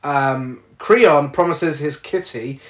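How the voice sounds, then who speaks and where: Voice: mid-range voice, slow pace. A podcast co-host recapping a film in casual chat, laughing often and swearing freely. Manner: giggly, swears freely, recaps plot with quoted lines.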